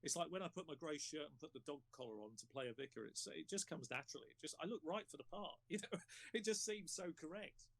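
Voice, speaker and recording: A man hosting a casual panel chat about running games, talking in an encouraging, unhurried way. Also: a little high, vocal fry, no room sound. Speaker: panel host.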